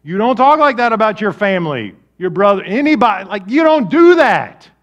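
A man preaching a sermon as pastor, conversational and animated, swinging between loud bursts and soft, low asides. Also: moderate pace, dull audio.

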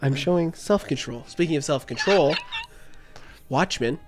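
A young man with a slightly raised voice talks through a relaxed podcast chat. He keeps bringing up new topics and moves the conversation along. A faintly anxious, eager tone runs under his talk. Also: a little high, moderate pace, background noise. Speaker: podcast co-host. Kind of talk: casual chat.

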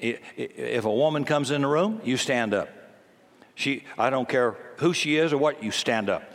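A man's voice: medium pitch, normal speed. A man in his seventies preaching a sermon in a folksy, emphatic way, often acting out the voices he quotes. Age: 70s. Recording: long hall reverb.

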